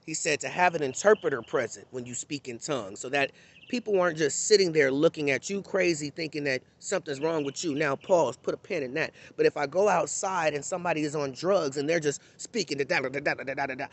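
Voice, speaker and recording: A man's voice: on the high side, brisk. A man giving an unscripted, blunt and impassioned monologue to camera in a candid, conversational tone. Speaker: vlogger.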